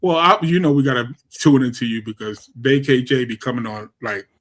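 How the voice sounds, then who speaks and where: A man's voice: medium pitch, a little fast, fairly bright tone. A man from Brooklyn hosting a podcast, talking bluntly in casual gossip and laughing at his own takes. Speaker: podcast host. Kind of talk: casual chat.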